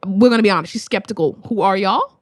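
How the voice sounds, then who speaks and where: A young woman from Australia, a spoken word poet, telling stories in a casual conversation, animated and swearing freely. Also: mid-range voice, quick pace, no echo. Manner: animated, swears freely, acts out voices in anecdotes.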